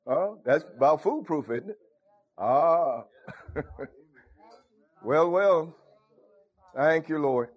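A man's voice: on the high side, expressive, slow, pauses often. A man preaching a folksy sermon, calling out to his congregation. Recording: dull lo-fi recording.

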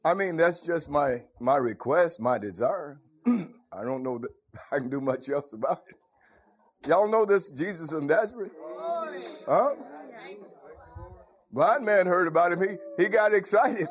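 A man's voice: on the high side, animated, measured pace, long pauses. A man preaching a folksy sermon, calling out to his congregation. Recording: dull lo-fi recording.

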